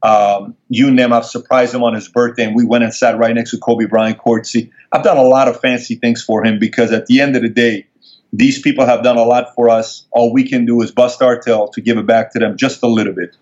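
A man telling a personal story as an interview guest, animated and acting out the people he quotes in a higher voice. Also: a little fast. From Middle East. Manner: animated, acts out quoted dialogue in raised voice. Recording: dull lo-fi sound.

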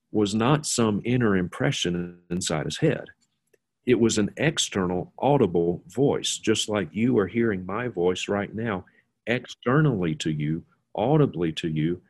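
A man's voice: fairly low pitch, husky. A man explaining a Bible passage in an informal, conversational way, with asides and restarts. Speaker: guest teacher.

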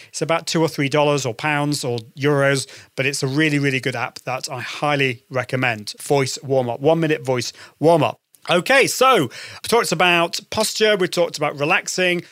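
Bright-voiced man coaching vocal warm-ups. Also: dry recording, clean studio sound. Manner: encouraging, demonstrative, shifts pitch for examples. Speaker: podcast host and voice coach. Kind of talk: instructional podcast talk.

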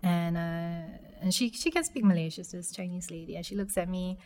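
A young woman quietly telling a personal story, halting with many fillers and restarts. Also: fairly low pitch.

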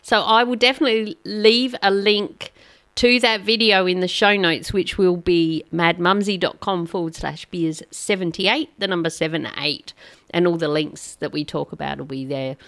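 Animated woman podcast host. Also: fairly low pitch, moderate pace. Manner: animated, swears casually, laughs often. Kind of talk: casual interview over video call. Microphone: video call.

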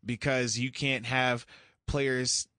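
Upbeat man in bright, dry voice. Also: mid-range voice, takes it slowly, no echo. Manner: excitable, emphatic, says "man" a lot. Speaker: co-host, retired football player. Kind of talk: casual sports chat.

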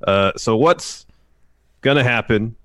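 A man co-hosting a wrestling news podcast in casual chat, often pausing with uh fillers. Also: mid-range voice, fairly bright tone, no room sound. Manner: hesitant, many uh fillers. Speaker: podcast co-host.

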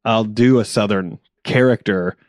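A man's voice: lowish voice, measured pace, a little mellow, no room sound. Rambling young man, dry close sound. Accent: General American. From South Carolina, US. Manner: rambling, self-interrupting, laughs often. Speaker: stand-up comedian guest. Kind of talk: casual podcast chat.

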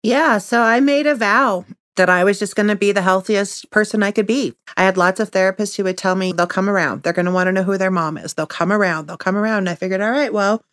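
A woman's voice: mid-range voice, fast, hardly any pauses. Tearful woman telling a personal story. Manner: emotional, animated retelling. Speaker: guest, mother.

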